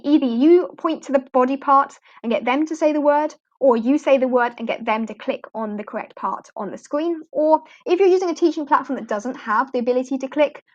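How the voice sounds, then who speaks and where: A woman's voice: on the high side, highs cut off. Chatty woman teacher trainer. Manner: chatty, practical, models prompts for students. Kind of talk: instructional screen walkthrough.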